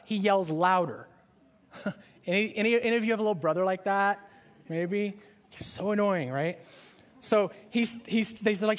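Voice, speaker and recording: A man's voice: high-pitched, moderate pace. A man preaching a sermon in a conversational style, often asking his listeners questions. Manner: conversational, asks the audience questions. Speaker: pastor.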